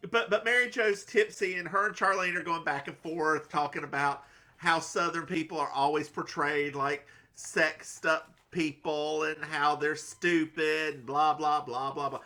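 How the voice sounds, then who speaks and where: A man's voice: a little high, steady tone, a little slow, bright, forceful tone. A man from the American South co-hosting a casual recap podcast, snarky and laughing often, with stumbling restarts. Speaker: podcast co-host.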